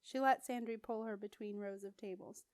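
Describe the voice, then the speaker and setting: A woman narrating a novel as an audiobook, measured and clear. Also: medium pitch, fairly even intonation, a little mellow, no echo. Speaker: audiobook reader.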